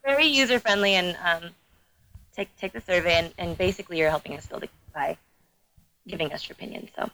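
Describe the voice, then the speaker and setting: A woman guest chatting casually on a podcast, upbeat and quick to laugh. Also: fairly low pitch, bright, forceful tone, poor audio. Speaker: guest game producer.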